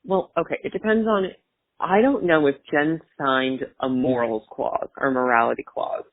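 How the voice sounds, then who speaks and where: A man's voice: mid-range voice, fairly even intonation, moderate pace, dry recording. A man hosting a podcast in casual chat, rambling and chatty with fillers, over a tinny phone-like line. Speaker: podcast host.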